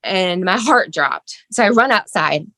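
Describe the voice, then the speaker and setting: A middle-aged woman telling the story of her son's crisis as a mother, shaken and halting, with many fillers. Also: mid-range voice, expressive, bright, forceful tone, no echo. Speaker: mother of a teen son. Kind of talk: emotional personal account.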